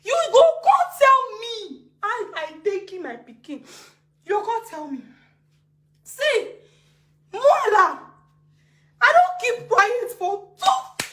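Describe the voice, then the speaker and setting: In an emotional live-video rant, an agitated Nigerian woman speaking Nigerian Pidgin swings between laughing, crying and shouting. Her high voice echoes, with big pitch swings, a slow pace and frequent pauses.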